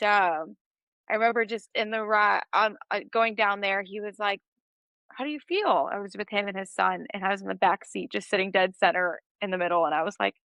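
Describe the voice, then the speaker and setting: A woman in her thirties, a podcast guest in a casual interview, tells a story with animated energy, laughing often. Her voice is bright, clear, and medium in pitch. The recording is close, dry, and lo-fi, with no room echo.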